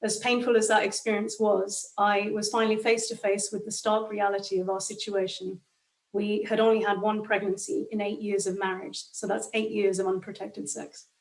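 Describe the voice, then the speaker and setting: Flat-voiced woman reading, distant mic. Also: mid-range voice, normal speed. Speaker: guest sharing her fertility story. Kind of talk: reading a personal account.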